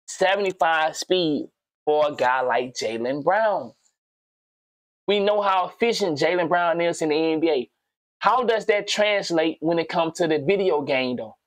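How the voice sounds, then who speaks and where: Slangy, animated man reacting. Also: high-pitched, no echo. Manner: slangy, animated, rambling and swearing. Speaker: gaming commentator reacting to a video. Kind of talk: casual reaction commentary.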